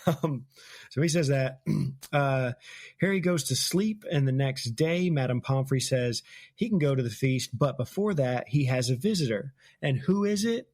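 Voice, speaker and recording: A man's voice: medium pitch, lively intonation, normal speed, a little mellow, no room sound, clean studio sound. A man hosting a casual book-discussion podcast, chatty and laughing often as he retells scenes. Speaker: podcast host.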